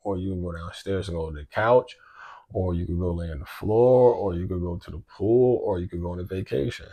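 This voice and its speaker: A man in his thirties with a very low voice and a soft, mellow tone speaks in an easygoing way. He offers encouragement, and his sentences often trail off or restart. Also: a little fast. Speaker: husband and co-host. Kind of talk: casual chat.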